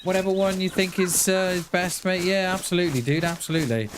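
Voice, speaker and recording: A man's voice: high voice, fairly even intonation, fast talker. A man streaming a survival game, chatting casually and answering his viewers, calling them mate and dude. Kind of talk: casual live-stream chat. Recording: clear game noise behind the voice.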